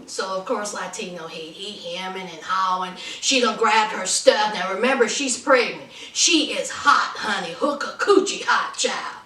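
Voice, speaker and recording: A woman giving sassy, animated reality TV recaps full of slang and laughing asides. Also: mid-range voice, a little slow, few pauses. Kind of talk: sassy casual commentary. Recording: roomy, mic at a distance.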